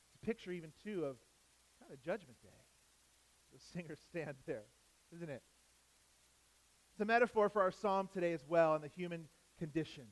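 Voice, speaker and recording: A man preaching a sermon, repeating key phrases for emphasis and asking the congregation rhetorical questions, swinging between loud emphatic lines and soft low asides. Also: normal speed, long pauses, rough recording. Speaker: pastor.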